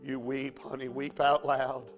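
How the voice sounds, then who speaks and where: A man preaching a fiery revival sermon in a church, swinging from hushed storytelling to shouting. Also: mid-range voice, flat delivery, a little slow, vocal fry, faint music behind.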